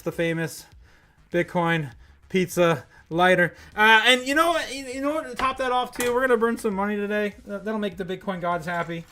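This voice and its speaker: A man's voice: high voice, pushed and bright. A man hosting a casual livestream, rambling and laughing often at his own jokes. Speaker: host.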